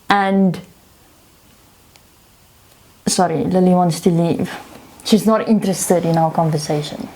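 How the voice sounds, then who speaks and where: A young woman with a slightly low voice tells a casual vlog story about a bad job. She sounds frustrated and animated as she relives it, and her delivery is loose and chatty. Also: takes it slowly, long pauses. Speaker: vlogger.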